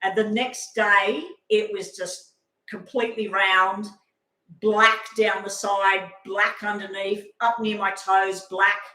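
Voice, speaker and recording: A middle-aged woman, rambling casually on a live stream as a tarot reader and telling a long story with animated asides. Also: medium pitch, takes it slowly. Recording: echoey room.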